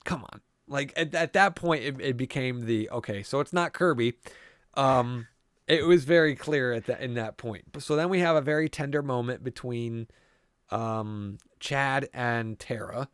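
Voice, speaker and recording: A man chatting loosely as a podcast co-host, retelling a film's plot with constant swearing and many restarts. His voice sits at an ordinary middle pitch. It is recorded close and dry, with no room sound. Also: measured pace, clear, resonant tone, no echo. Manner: profane, rambling storyteller. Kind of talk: casual movie recap chat.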